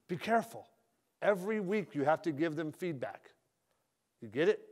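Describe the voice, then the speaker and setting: A straight-talking manager with a voice pitched a little high fires up a roomful of loan officers about sales. He's animated and speaks at a moderate pace with long pauses, keeping it casual with slang, jokes, and a dry sense of humor.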